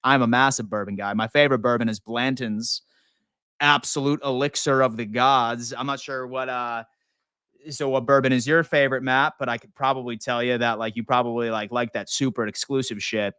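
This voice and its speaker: Young male stream host from Western New York, bright, clear voice, dry close sound, loose and profane, hyped. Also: mid-range voice, fairly even intonation, moderate pace, dry recording. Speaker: sports live stream host. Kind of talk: casual live stream chat.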